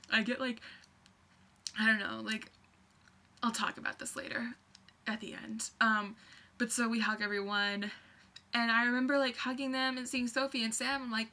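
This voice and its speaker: A young woman telling a story on her vlog, excitable and rambling, full of fillers and restarts. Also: fairly high pitch, normal speed. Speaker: vlogger.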